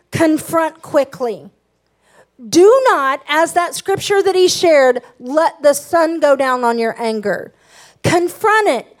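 Very high-voiced emphatic woman preaching. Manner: emphatic, passionate, self-revealing. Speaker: pastor's wife and co-pastor. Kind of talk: sermon on marriage.

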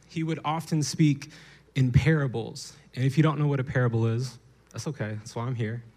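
A young man delivers a sermon in a lively, playful way. His voice sits at an ordinary middle pitch. He tells stories with energy and drops into little acted voices. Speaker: preacher.

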